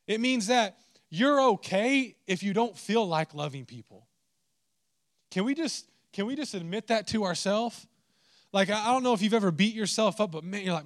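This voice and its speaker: A man preaching a sermon, animated and humorous, swinging into mock exasperation. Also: high-pitched, moderate pace. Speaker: pastor.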